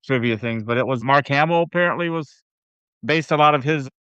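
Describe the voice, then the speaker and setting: A man co-hosting a podcast, chiming in with laughs and quick asides in casual chat about a film. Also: mid-range voice, a bit bright, smooth, dry recording, muffled recording. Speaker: podcast co-host. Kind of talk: casual movie review chat.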